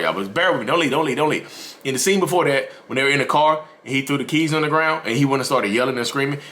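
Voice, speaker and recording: A man hosting a mental health channel, giving casual, animated commentary to his viewers and acting out quoted lines. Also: medium pitch. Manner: animated, addresses viewers as y'all, acts out quotes.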